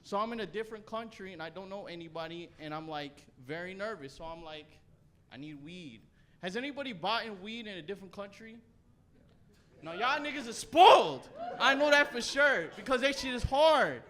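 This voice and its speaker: A young Canadian man performing a stand-up set, telling a loose, profane story with animated bursts. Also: sits high, a little fast. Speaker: stand-up comedian. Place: comedy stage before a live audience.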